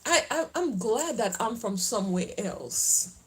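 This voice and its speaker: A woman's voice: on the high side, very animated, unhurried, fairly bright tone, poor audio. A middle-aged woman from the Caribbean islands with a Caribbean accent mixed with Southern US, chatting casually to her viewers outdoors in a rambling way and laughing often. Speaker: lifestyle vlogger. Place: outdoors, then heading home.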